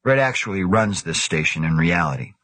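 A man's voice: low voice, animated, fairly quick, pushed and bright, dry recording, heavily acted. A man voicing a gossipy male scientist who likes to tease his colleagues. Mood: teasing. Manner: teasing.

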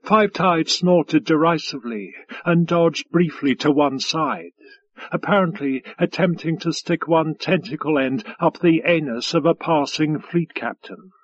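A man reading a science fiction novel aloud in measured, even storytelling. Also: on the high side, highs cut off. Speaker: audiobook narrator. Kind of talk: scripted narration.

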